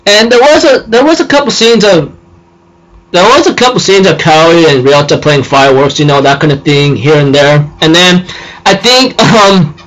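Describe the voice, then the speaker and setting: A man recaps an anime episode in a loose, rambling way, stopping to correct himself. His voice is high and bright, with lots of ums and likes. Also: normal speed, low-quality recording. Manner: rambling, filler-heavy, self-correcting. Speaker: anime reviewer.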